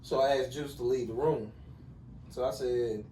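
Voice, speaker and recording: A middle-aged man telling personal stories as a podcast guest in a relaxed, casual way, often saying "you know". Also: medium pitch, a little slow, slight background noise. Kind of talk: casual conversation. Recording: echoey room, distant mic.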